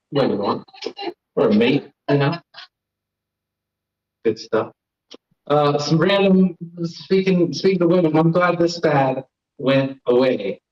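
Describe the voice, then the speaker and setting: A young man from Florida doing a live stand-up set, rambling, self-deprecating and riffing with the crowd. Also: fairly high pitch. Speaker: stand-up comedian and host. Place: comedy stage. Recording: lo-fi live stream audio.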